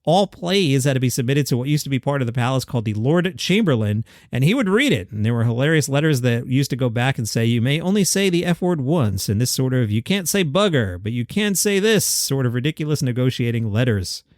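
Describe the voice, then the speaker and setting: A man's voice: mid-range voice, very animated, brisk, hardly any pauses, no room sound, studio quality. A man hosting a solo comedy news podcast, reading items with wry, jokey asides. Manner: wry, jokey asides between read-out quotes. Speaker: podcast host.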